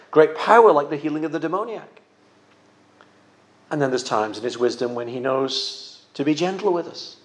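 A man preaching a sermon in an earnest, gentle pastoral manner, sometimes repeating a word as he goes. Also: fairly high pitch.

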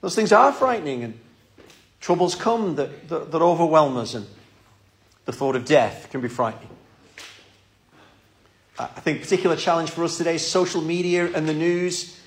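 A man's voice: a little high, expressive, moderate pace, long pauses. A man preaching a sermon in a church, earnest and pleading, often repeating his words.

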